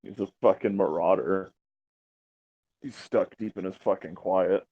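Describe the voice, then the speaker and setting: A man's voice: sits low, unhurried, slightly rough. A man in a casual chat, cutting in with brief, profane reactions. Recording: dull lo-fi recording.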